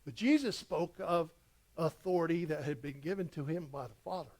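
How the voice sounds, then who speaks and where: A man's voice: on the high side, lively intonation, normal speed, a little mellow. A middle-aged man preaching verse by verse as a pastor, reading scripture dramatically with emphatic rises. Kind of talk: verse-by-verse sermon.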